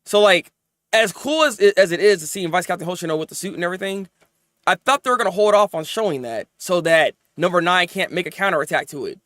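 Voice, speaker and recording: A man reviewing anime episodes in casual, animated chat, venting and rambling as he goes. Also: high voice, no echo, studio quality. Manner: animated, rambling, quick to vent.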